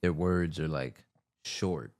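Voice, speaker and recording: A man's voice: very deep voice, slow, a little mellow. A man in a casual podcast chat, laid-back and fumbling for his words. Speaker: podcast co-host.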